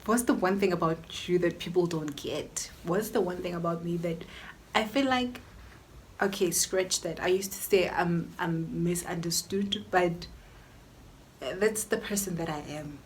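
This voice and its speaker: Brief: young South African woman, YouTuber, lower register, opinionated and chatty, faint hiss under the voice. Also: a little slow. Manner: chatty and opinionated, mixing in local languages. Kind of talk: casual Q&A vlog.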